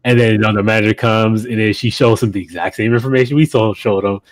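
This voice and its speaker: A man's voice: fairly low pitch, fairly even intonation, fast talker, dry recording. A young man on a podcast, casually telling a rambling anecdote with lots of fillers and restarts. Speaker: podcast co-host. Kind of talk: casual chat.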